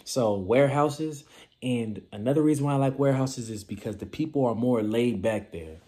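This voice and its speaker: Casual, darkly mellow man giving advice. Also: medium pitch, moderate pace. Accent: Californian. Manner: animated, acts out little scenes and quotes. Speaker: vending machine business vlogger.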